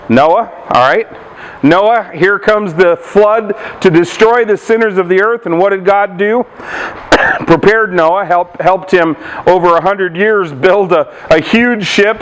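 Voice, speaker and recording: A man's voice: sits high, clear, resonant tone, rough recording. A man, a pastor, preaching a sermon, asking the congregation questions and retelling Bible stories.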